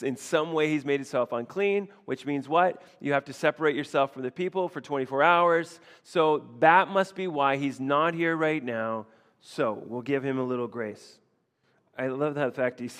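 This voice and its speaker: A man's voice: medium pitch, fairly bright tone, big-room sound. A man preaching a sermon conversationally, often repeating himself and checking in with the congregation. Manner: conversational, repeats phrases, frequent "right?" asides. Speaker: pastor. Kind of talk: expository sermon.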